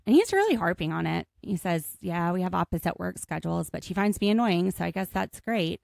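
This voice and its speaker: A woman's voice: on the low side, animated, gravelly, a little mellow, no room sound, studio quality. A woman co-hosting a podcast, chatting casually and joking as she recaps a show. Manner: chatty, jokey, quick asides. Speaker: podcast co-host.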